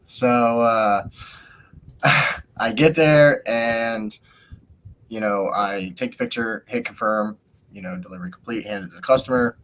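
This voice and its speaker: Over a faint hum, a podcast host with a fairly low male voice tells a casual story. He rants animatedly, swears plenty, and acts out what the people in it said.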